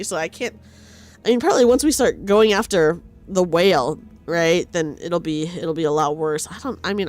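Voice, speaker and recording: Brief: lively chatty young woman streamer, animated pitch, soft game music underneath. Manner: chatty, giggly, reads game lines aloud. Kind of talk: live game stream commentary.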